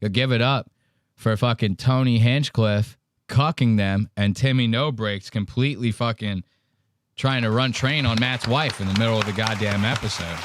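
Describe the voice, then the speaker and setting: A man's voice: mid-range voice, moderate pace, some chatter behind. A man hosting a podcast, reacting to clips in casual, profane, joking chat. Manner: profane, joking, acts out quotes. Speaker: podcast host.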